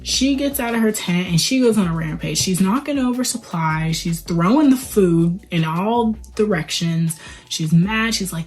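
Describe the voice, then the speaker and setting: A woman giving a casual movie commentary, retelling scenes in an animated, sarcastic way and swearing now and then. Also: mid-range voice, normal speed, faint music behind. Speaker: movie reviewer, channel host.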